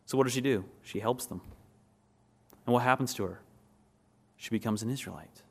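A man delivers a sermon in an everyday mid-range voice. He teaches through questions that he then answers himself. He often slows down and drops to a quieter tone on the words he wants to land. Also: medium pitch, vocal fry, slightly rough. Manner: asks the listeners questions, then answers them. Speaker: pastor.

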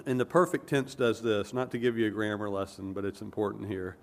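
A man preaching an expository sermon, earnest and emphatic, pausing to explain and correcting himself as he goes. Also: on the low side, steady tone.

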